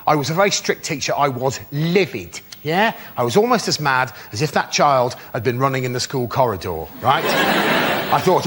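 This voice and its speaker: A man who was once a teacher, telling a comic story on a TV panel show and acting out shouted mock outrage. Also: medium pitch, animated, normal speed. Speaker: comedy panelist, former teacher. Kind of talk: stand-up anecdote on a TV panel show. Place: TV studio with live audience. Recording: loud studio audience laughter, noisy.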